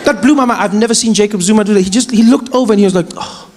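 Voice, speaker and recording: A man doing animated, mocking stand-up comedy. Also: sits high, very fast. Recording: live venue with crowd noise. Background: audience laughter.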